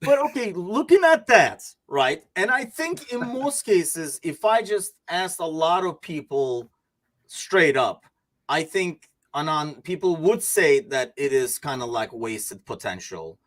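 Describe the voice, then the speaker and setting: A man's voice: on the high side, very animated, slow, fairly bright tone. Rambling man hosting a sports chat. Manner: rambling, laughs easily. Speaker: podcast host.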